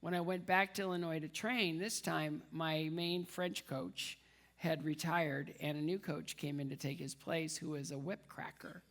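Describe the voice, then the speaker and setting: A man with a fairly high, fairly bright voice tells humorous personal stories as a guest speaker at a dinner, keeping his intonation fairly even at a measured pace with some vocal fry. He uses comic timing, repeats words for effect, and acts out the voices of people he quotes.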